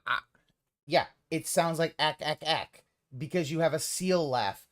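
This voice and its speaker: A man's voice: a little high, measured pace, fairly bright tone. A man co-hosting a casual stream, mocking and sarcastic, swearing freely. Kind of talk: casual livestream chat.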